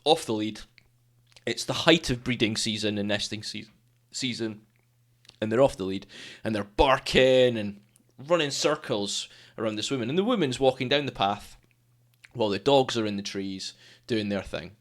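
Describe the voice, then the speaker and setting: This man, a podcast co-host, speaks at a moderate pace in a lowish voice during a casual chat about nature. He's an animated storyteller who acts out the people he quotes.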